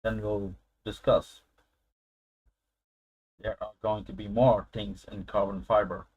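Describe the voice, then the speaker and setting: A man's voice: on the low side, little pitch movement, slow, phone-quality sound. A man hosting a casual live stream, chatting loosely and laughing often as he answers his viewers.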